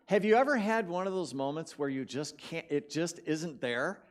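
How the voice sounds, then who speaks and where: Animated man telling a sermon story. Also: on the high side, moderate pace. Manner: animated, swings between loud bursts and quiet drops; conversational, repeats words for emphasis. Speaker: guest speaker. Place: church sanctuary.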